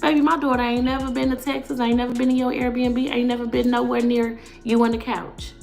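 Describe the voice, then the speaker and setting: Woman telling a story all slangy and dismissive, bit high voice, faint music behind. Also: little pitch movement, a little fast, gravelly, a little mellow. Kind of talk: storytelling in a video.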